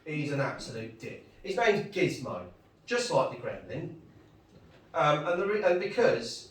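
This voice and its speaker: A man's voice: a little high, big pitch swings, a little slow. A middle-aged man performing a chatty stand-up set in a pub, bantering with the crowd. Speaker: stand-up comedian. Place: pub gig room. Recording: echoey pub room, distant mic.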